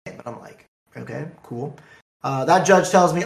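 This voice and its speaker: A man's voice: a little high, a little fast, gravelly, echoey room. A man casually telling the story of his card game tournament, acting out the back-and-forth with opponents and judges. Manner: animated, acts out quoted exchanges.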